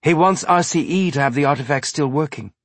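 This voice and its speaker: Frightened young woman explorer, voiced by a man, urgent and breathless, pitched well up. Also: a little fast, no echo, lightly acted.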